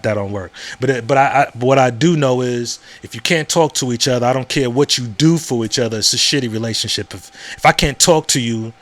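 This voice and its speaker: A man's voice: medium pitch, fairly bright tone. A man hosting a podcast, talking casually and frankly, with frequent repetitions and checks like "you know what I'm saying?". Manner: frank and profane. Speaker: podcast host. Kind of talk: casual monologue.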